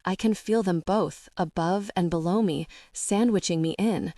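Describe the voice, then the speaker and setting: A woman voicing a grieving, guilt-ridden young woman who talks in halting, anguished confessions. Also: on the low side, dark tone, dry recording, clean studio sound, lightly acted.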